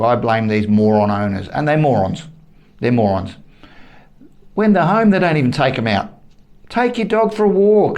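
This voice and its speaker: An Australian man vents to camera in a fired-up vlog rant, with a voice pitched right in the middle for a man. He talks bluntly, swears freely and hammers his points home by repeating himself. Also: darkish tone. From Western Australia. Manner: heated, blunt and profane, repeats himself for emphasis. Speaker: vlogger. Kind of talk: angry opinion rant to camera.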